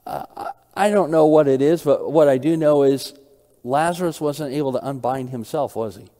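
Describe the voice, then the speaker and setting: A man's voice: medium pitch, moderate pace, dark tone, big-room sound. A man preaching an expository sermon, walking through scripture and asking the listeners rhetorical questions. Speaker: pastor.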